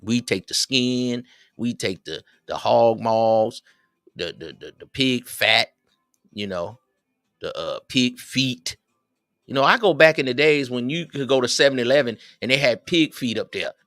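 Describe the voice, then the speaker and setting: A man's voice: mid-range voice, lively intonation, measured pace, fairly bright tone, no echo, clean studio sound. A man hosting a livestream, rambling casually and chatting with his viewers in a streetwise manner. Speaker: livestream host.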